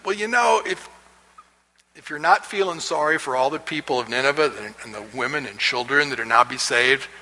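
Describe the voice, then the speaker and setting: A man voicing a calm, patient deity. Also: mid-range voice, fairly quick, poor audio. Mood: reasoning.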